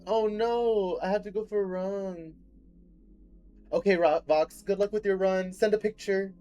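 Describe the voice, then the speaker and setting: A man's voice: high-pitched, fairly even intonation, a little slow, mellow, soft background music. A man streaming a game from home, chatting casually with viewers and cheering and laughing often. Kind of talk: casual gaming livestream chat.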